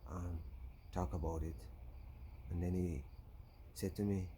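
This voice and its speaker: Deep-voiced Jamaican man telling a story. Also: steady tone, unhurried, background noise. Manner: rambling, with frequent "you know". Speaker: YouTuber. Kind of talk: casual storytelling vlog.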